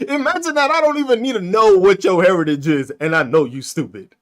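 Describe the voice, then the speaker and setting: Hosting a podcast, a man delivers ranting, mocking commentary on comments, full of profanity and laughter and marked by noticeable speech features. His voice is high-pitched, slightly bright, and very animated, at a normal speed.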